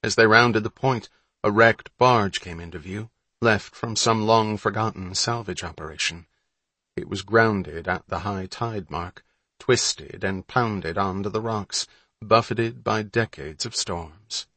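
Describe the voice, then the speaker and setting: A man reading a storybook aloud as an audiobook narrator, in steady, measured scripted narration. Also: fairly low pitch, no echo.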